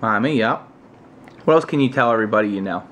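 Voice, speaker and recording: An American man chatting casually with his toddler on camera, using playful baby talk and high, coaxing questions. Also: animated, fast, fairly bright tone, slight background noise. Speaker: parent vlogger.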